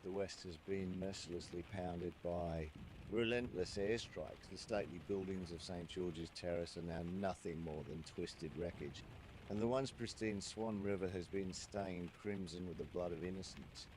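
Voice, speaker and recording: A man's voice: deep voice, fairly even intonation, normal speed, a little mellow, a little hiss or hum, natural voice. A man playing a stern male prime minister giving a solemn, formal wartime address. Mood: grave. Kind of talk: mock political speech.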